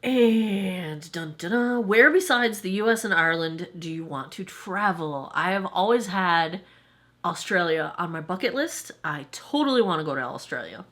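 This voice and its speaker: A woman's voice: lowish voice, expressive, moderate pace, fairly bright tone. A woman in her forties from the United States, chatting casually and rambling through a Q&A as a beauty YouTuber, self-deprecating and talkative. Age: 40s. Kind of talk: casual Q&A chat to camera.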